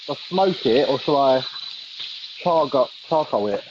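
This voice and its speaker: A man's voice: medium pitch, lively intonation, unhurried, lo-fi sound, background noise. A man co-hosting a live barbecue show, chatting with enthusiasm as he cooks. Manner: enthusiastic, chatty, says "mate". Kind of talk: casual chat while grilling.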